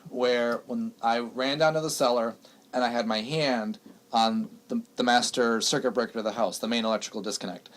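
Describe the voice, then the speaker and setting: A young man co-hosting a radio show in easy, casual banter. He tells stories with plenty of animation and laughs often, at an everyday mid-range pitch. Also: steady tone, normal speed. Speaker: radio co-host.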